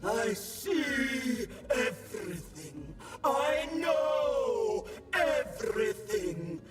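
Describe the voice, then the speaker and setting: A woman's voice: sits high, big pitch swings, very slow, raised voice, full character voice. A woman voicing a grandiose, deranged female AI oracle in a game, speaking in a theatrical, boastful, sing-song way. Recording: echoey, distant, music behind.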